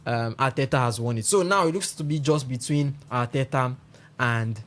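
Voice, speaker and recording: A man's voice: medium pitch, normal speed, a bit bright. A man giving football analysis on the radio, assertive and arguing his point. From Nigeria. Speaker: radio sports pundit. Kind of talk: football punditry. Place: radio studio.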